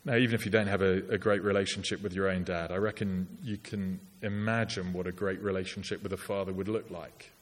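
Middle-aged male preacher, lowish voice, chatty and wry, recorded in a hall with a long echo. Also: fairly even intonation, brisk, hardly any pauses. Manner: conversational, wry asides with put-on polite voices. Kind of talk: sermon.

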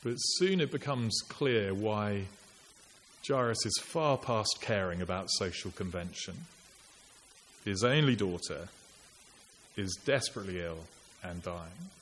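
A man with a fairly low voice delivers an earnest, reflective sermon in a conversational tone. His words ring out with a long church reverb, and a faint hiss runs under the recording. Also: expressive, slow pace, long pauses, a bit bright. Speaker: preacher.

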